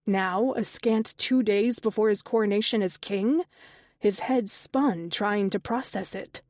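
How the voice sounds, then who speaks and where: A woman's voice: mid-range voice, measured pace, darkish tone, no echo. Woman reading an audiobook, dry and close. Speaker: audiobook narrator. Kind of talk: scripted narration.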